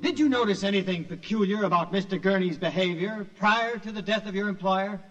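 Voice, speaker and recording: An actor playing a prosecutor questioning witnesses slowly and deliberately, in 1940s radio acting. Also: male voice, high voice, fairly bright tone, faint music behind. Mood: probing. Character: measured male courtroom prosecutor. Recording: muffled old radio recording with reverb.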